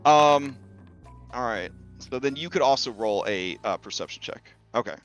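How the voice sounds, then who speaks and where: A man's voice: medium pitch, lively intonation, moderate pace, fairly bright tone, soft background music. A man game master narrating a tabletop game on stream in a chatty way, full of fillers. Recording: dull lo-fi stream audio.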